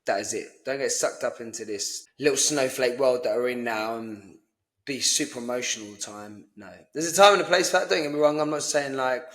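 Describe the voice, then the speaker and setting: A man's voice: medium pitch, a bit bright. Blunt man coaching boxers. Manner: blunt, swears, mimics voices in quotes. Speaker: boxing coach and podcast host. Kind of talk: casual motivational chat.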